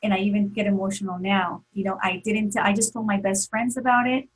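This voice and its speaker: A woman's voice: mid-range voice, flat delivery, fairly quick, husky, rough recording. A woman telling an emotional personal story as an interview guest, earnest, with many fillers and restarts.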